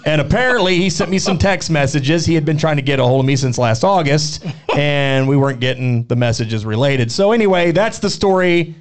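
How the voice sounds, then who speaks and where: A man hosting a podcast, telling a rambling story in an animated, casual way. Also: a little high, brisk, few pauses. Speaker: podcast co-host.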